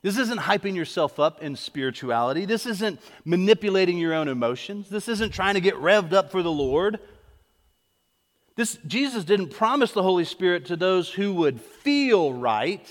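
A man's voice: high voice, very animated, normal speed. A man preaching a sermon as pastor, driving his points home with repeated questions and calls to come forward. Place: church sanctuary. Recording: echoey hall.

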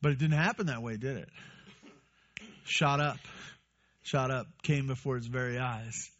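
A man's voice: mid-range voice, measured pace, a bit bright, highs cut off. A male pastor giving a conversational sermon and putting questions to his congregation.

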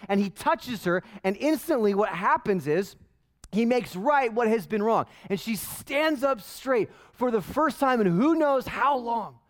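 A male pastor preaching a sermon in an animated, conversational way full of rhetorical questions. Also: high voice.

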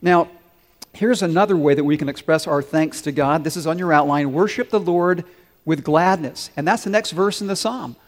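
High-voiced pastor in a reverberant hall. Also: male voice, normal speed. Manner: earnest, leads the congregation in call-and-response. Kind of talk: sermon. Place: large church sanctuary.

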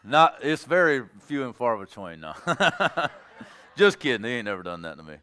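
Animated preacher with a smooth, resonant voice. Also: male voice, normal speed. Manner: animated preaching, swings from low and soft to loud and high; folksy, plainspoken, jokes with the congregation. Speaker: pastor. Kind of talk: sermon.

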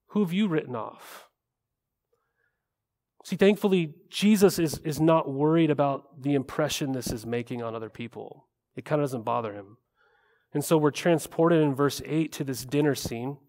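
A man's voice: on the high side, darkish tone, in a large hall. A man preaching a sermon as a pastor, talking in a conversational way and often tossing in rhetorical "right?" asides.

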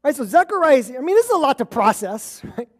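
A woman preaching a relaxed, conversational sermon, telling stories and chuckling as she acts out the people in them. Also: high voice, fast. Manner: storytelling, acts out quoted voices, chuckles.

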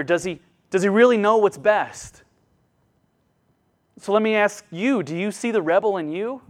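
A middle-aged pastor with a high-pitched voice preaches an earnest sermon. He acts out quoted voices and swings between loud emphasis and hushed asides.

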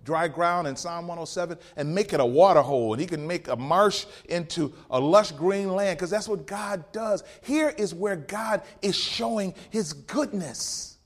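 A man preaching a rousing sermon, swinging from loud peaks to hushed passages and quoting scripture in old King James wording. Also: sits high, animated, normal speed, hardly any pauses.

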